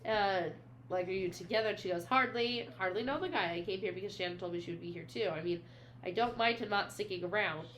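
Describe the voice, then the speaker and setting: A woman's voice: medium pitch, quick pace, slight background noise. A young woman co-hosting a podcast, casually recapping a book and reading quoted lines aloud, with lots of "she's like". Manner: retells scenes, reading quotes aloud, many "she's like" fillers. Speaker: podcast co-host.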